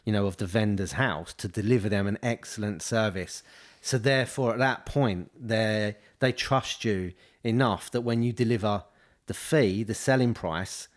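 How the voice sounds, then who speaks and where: Rambling low-voiced man. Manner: rambling, full of restarts and "you know". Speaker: podcast co-host, estate agent. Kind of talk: casual conversational podcast. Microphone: studio podcast mic.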